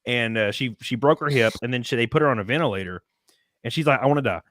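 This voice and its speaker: A man's voice: mid-range voice, fast talker, fairly bright tone, dry recording, clean studio sound. A man chatting as a guest, telling candid, profane family stories in a laid-back way. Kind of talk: casual chat among friends.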